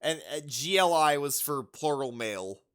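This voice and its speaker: A woman's voice: low-pitched, lively intonation, moderate pace, clean tone. A young adult woman chatting casually while streaming a game, rambling and reading game lines aloud. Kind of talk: casual let's-play commentary.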